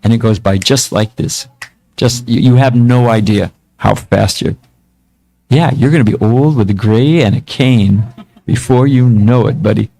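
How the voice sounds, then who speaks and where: An older man in his seventies gives a spiritual talk in an easy, conversational voice, his pitch sitting right in the middle for a man. He tells anecdotes with wry self-mockery and loose, chatty fillers. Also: unhurried, vocal fry, dark tone. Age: 70s. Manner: casual, self-mocking storytelling with fillers. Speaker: monk giving a talk.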